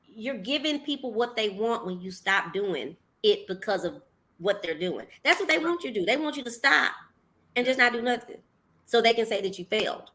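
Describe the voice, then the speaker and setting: A woman, hosting a casual faith-minded podcast chat and acting out her own words in a lively, exclaiming way. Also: on the high side, normal speed. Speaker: podcast host.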